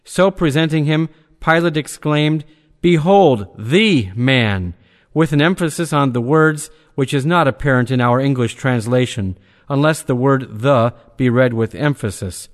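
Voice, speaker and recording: A man reading theological prose aloud in a measured, deliberate manner, slowing down for scripture citations. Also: medium pitch, fairly even intonation. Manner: measured, deliberate delivery that slows to cite scripture references. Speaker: reader of a religious text. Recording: long hall reverb.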